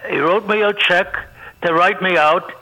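A man's voice: high voice, a little slow, bright, forceful tone, rough recording. An older man, a comedian being interviewed, telling rambling anecdotes and laughing at his own punchlines. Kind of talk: anecdotal storytelling.

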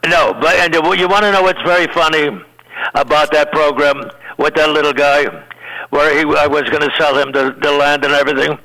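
Older comic guy, bright high-ish voice, laughs a lot telling old stories on the radio. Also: fairly quick, poor audio. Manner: animated storyteller, laughs often, acts out quotes. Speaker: veteran comedian guest. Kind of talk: casual anecdote chat.

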